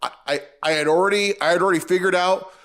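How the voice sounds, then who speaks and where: A man with a slightly high voice co-hosts a casual movie review chat. He rambles and restarts his sentences as he works out his thoughts aloud. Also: fast, a bit bright.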